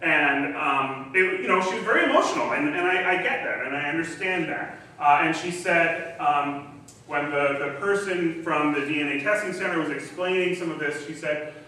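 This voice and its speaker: Chatty pastor in an echoey church. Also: male voice, a little high, normal speed, pushed and bright. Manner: casual, chatty, frequent ums and restarts. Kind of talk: conversational sermon. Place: church sanctuary. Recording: very echoey hall, distant mic, faint hiss.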